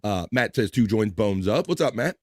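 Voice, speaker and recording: A man's voice: lowish voice, expressive, noisy background. A man hosting a livestream, reading out and teasing chat comments in a hyped, joking way. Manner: hyped, teasing, quick shout-outs. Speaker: livestream host.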